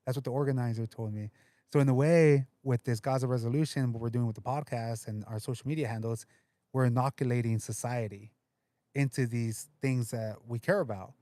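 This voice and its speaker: A man's voice: mid-range voice, fairly even intonation, brisk, dark tone, no echo. A man who organizes for a union, talking earnestly as a podcast guest.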